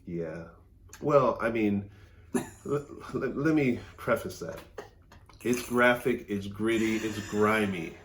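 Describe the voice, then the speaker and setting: A man co-hosting a casual movie review, speaking in a measured, thoughtful way with hesitant restarts. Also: on the low side, a little hiss or hum. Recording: echoey room.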